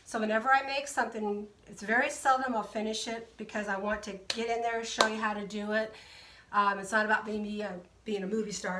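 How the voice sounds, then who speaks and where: This woman hosts a live crafting session, greeting viewers by name and chatting as she guides them step by step. Her medium-pitched, fairly bright voice echoes around the room, recorded from a distance with slight background noise.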